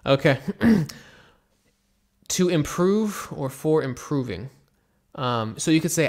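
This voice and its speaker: Young male English teacher, gravelly voice, easygoing live-stream lesson pace. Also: fairly high pitch. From United States. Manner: relaxed, slow repetitions of example phrases, mixes in Turkish.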